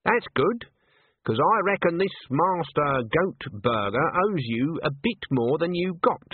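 Man doing a blunt old country witch, husky raised voice, dry delivery, tinny close audio. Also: fairly high pitch, big pitch swings, measured pace, dry recording, voice pushed up, heavily acted. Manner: blunt, dry, rustic speech. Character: stern shrewd old witch woman.

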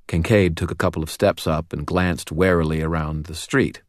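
A man reading a first-person audiobook with an expressive, wry delivery. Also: a bass voice, moderate pace, hardly any pauses, no echo, clean studio sound. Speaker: audiobook narrator.

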